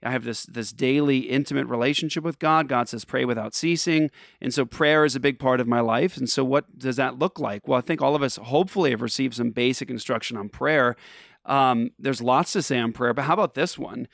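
A man's voice: medium pitch, fairly quick, creaky, fairly bright tone, no room sound. Man, radio host, earnest and emphatic, preacherly, tired, dry close sound. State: tired from travel. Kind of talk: casual faith talk.

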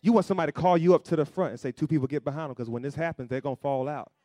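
Man preaching, call-and-response, loud peaks and low asides, fairly high voice, dry sound. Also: racing, no echo. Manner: acts out quoted voices in asides. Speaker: pastor. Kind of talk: sermon.

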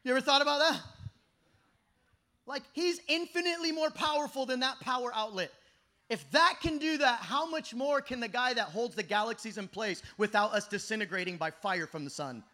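Young male preacher, very high and bright, fervent and shouty, swings to quiet asides. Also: normal speed. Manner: impassioned, often shouting, swings between loud and hushed. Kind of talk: youth camp sermon.

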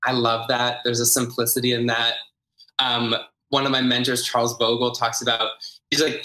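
A man's voice: medium pitch, little pitch movement, moderate pace, bright, forceful tone. A man being interviewed as a guest expert, explaining his ideas earnestly and repeating words for emphasis. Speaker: guest, ritual designer. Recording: roomy echo.

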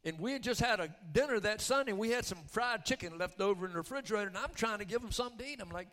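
Man, pastor, sermon storytelling, fairly high voice, long hall reverb. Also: quick pace, hardly any pauses. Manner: animated testimony, swings from loud to hushed.

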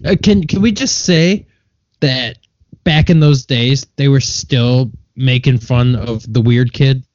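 A man's voice: mid-range voice, takes it slowly, a little mellow, no room sound, muffled recording. A man co-hosting a podcast, ranting bluntly and with lots of swearing in casual chat. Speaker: podcast co-host.

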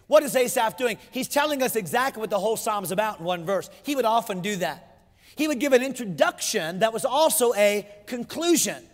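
A man's voice: high-pitched, animated, moderate pace, big-room sound. A pastor preaching a sermon to his congregation, emphatic, repeating his phrases and asking rhetorical questions.

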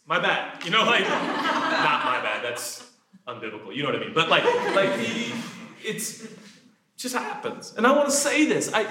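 A man preaching a sermon, animated, jumping from shouted lines to quiet asides. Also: high-pitched, noisy background. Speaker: pastor. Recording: echoey room.

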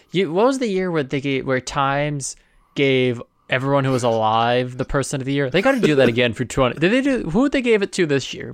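A man's voice: medium pitch, dry recording, studio quality. A man co-hosting a casual podcast, chatty, leading the segment questions. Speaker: podcast co-host. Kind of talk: casual sports podcast chat.

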